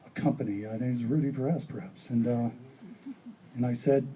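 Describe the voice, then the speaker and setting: A man giving an art talk, telling stories in a rambling, animated way and acting out dialogue. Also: mid-range voice, brisk, a little hiss or hum, rough recording. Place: gallery or hall.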